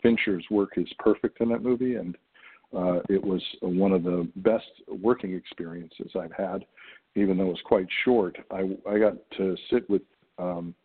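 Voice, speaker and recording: A middle-aged man from the United States speaks in a very low, husky voice, musing his way through answers with frequent ums and restarts. The sound is thin and phone-like, as if over a narrow line. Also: fairly even intonation. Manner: thoughtful, halting, many fillers and restarts. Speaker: actor guest. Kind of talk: casual interview talk.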